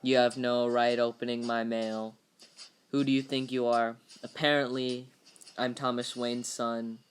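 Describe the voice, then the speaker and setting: A man voicing a troubled, lonely male aspiring comedian in a parody dub of a film script, with a halting, stammering delivery. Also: mid-range voice, little pitch movement, soft background music, close to an everyday voice. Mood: agitated.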